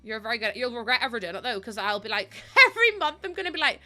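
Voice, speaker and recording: Young woman, streamer, bright crisp voice, fairly high, chatty, giggly, sniffly, faint music behind. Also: animated, quick pace. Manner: chatty and giggly, greets viewers. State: sniffly, close to tears. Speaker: live streamer. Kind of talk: casual live-stream chat.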